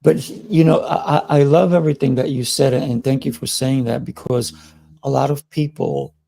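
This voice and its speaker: A man's voice: mid-range voice, fairly even intonation, moderate pace, vocal fry, mellow. A male host in an interview, encouraging his guest and often repeating words as he starts a sentence. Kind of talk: interview conversation.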